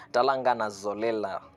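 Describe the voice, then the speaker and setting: A man with a fairly low voice teaches phrases one at a time in an online lesson. He says each phrase slowly, repeats it and gives its meaning. He chuckles now and then as he explains. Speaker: language teacher.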